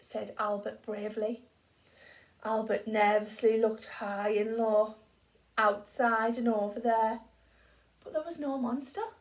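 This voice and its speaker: With a fairly high pitch, a teacher, a woman, reads a picture book aloud to kids, slow and full of expression, lowering to a hush for the quieter parts.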